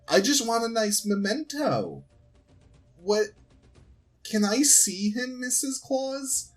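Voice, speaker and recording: Man doing a young boy, high voice, stammering, pleading, improvised storytelling. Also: slow, husky, faint music behind, full character voice. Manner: high, breathless, stammering questions.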